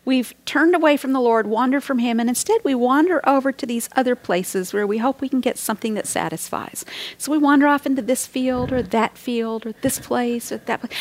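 A woman's voice: fairly high pitch, a little fast. A middle-aged woman giving a devotional sermon as a Bible teacher, earnest and reflective, sometimes dropping to a near whisper.

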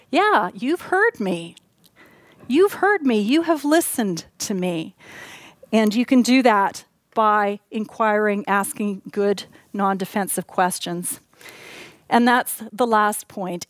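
Woman, Bible teacher, measured instructive talk, higher voice, dry close sound. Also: no room sound. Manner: measured, instructive, walks through listed points.

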